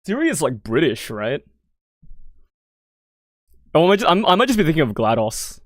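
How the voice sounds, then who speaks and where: A woman's voice: sits low, big pitch swings, moderate pace, dry recording, studio quality. An Australian woman streamer chatting casually through a game playthrough, laughing and swearing as she rambles.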